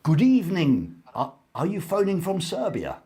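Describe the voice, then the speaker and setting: A man's voice: high-pitched, huge pitch swings, normal speed, warm tone, husky. A man hosting a live stream, talking in a playful, jokey way. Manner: playful, jokey, mock-dramatic. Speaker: host. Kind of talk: casual live-stream chat.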